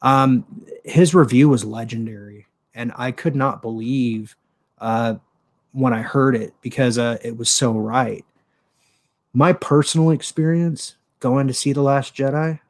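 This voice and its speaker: A man's voice: mid-range voice, steady tone, a little slow. A man hosting his own show on a livestream, talking casually in a rambling, profane way with lots of fillers, into a desktop microphone with a pop filter. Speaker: show host. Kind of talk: casual solo commentary.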